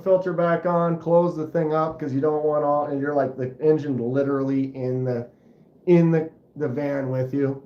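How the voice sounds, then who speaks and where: A man's voice: fairly high pitch, normal speed. Guy rambling on his live stream, does engine noises, roomy room, kinda dull sound. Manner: rambling, animated storyteller who mimics engine sounds. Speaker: livestream host. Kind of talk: casual livestream chat. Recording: roomy, slightly dull home stream audio.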